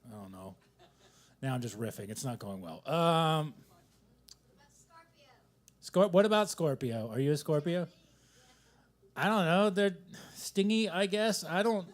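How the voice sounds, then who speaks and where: A man doing stand-up at a coffee shop open mic, rambling and self-deprecating as he riffs from joke to joke, on a handheld mic. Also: on the high side. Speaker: stand-up comedian.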